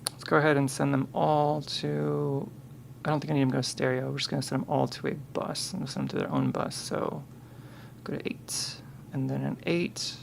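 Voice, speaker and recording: A man's voice: mid-range voice, moderate pace, creaky, slight background noise. A man on a live stream, thinking aloud and muttering to himself, counting and correcting himself as he works.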